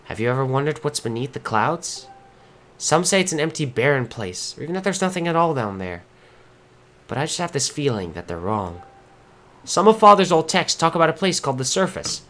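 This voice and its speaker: A man reading aloud the lines of a cheerful, earnest young girl companion from a game, in a gentle, encouraging way. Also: fairly high pitch, sing-song, fairly quick. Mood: wistful.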